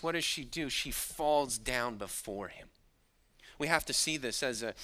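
A man's voice: a little high, bright, forceful tone. A man preaching an expository sermon, earnestly retelling a scripture scene to his congregation. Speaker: pastor.

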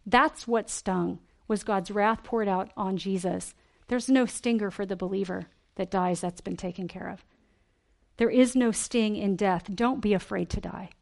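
A woman teaching a sermon in an earnest, emphatic way, asking questions and slowing down on key phrases. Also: medium pitch, vocal fry.

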